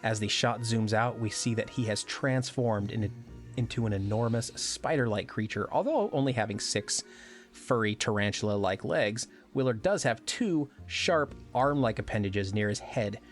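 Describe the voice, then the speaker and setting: A man's voice: fairly low pitch, animated, normal speed, faint music behind. Man narrating a wry game recap. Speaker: podcast co-host, narrator.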